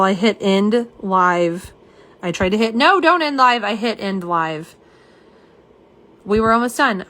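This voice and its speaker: A young woman hosting a casual live stream, slightly hoarse, chatty and self-deprecating as she talks to viewers. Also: medium pitch, a bit bright. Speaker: live stream host showing nail polish swatches.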